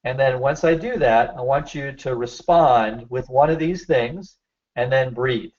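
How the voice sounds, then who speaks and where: A man's voice: mid-range voice, unhurried, darkish tone, muffled recording. A man presenting a therapy webinar, coaching listeners and stressing key phrases. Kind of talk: instructional webinar talk.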